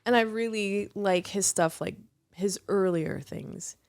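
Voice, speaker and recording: Animated woman telling a story on a podcast. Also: medium pitch, a little slow, creaky. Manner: animated storytelling, swears freely. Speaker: podcast co-host. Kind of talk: casual chat.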